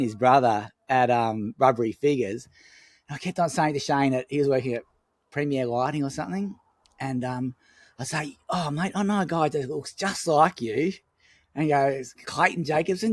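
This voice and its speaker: Man, rambling anecdotal interview, middle pitch, dry close mic. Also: darkish tone, no room sound. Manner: rambling, anecdotal, many fillers and restarts. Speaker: film director, podcast guest. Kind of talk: casual storytelling interview.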